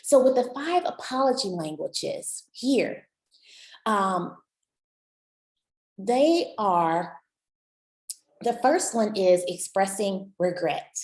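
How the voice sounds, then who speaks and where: A woman's voice: medium pitch, big pitch swings, slow pace, pauses often, a little mellow. Woman, relationship coach, encouraging, chatty, talks to the listener, roomy echo. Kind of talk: motivational talk to camera.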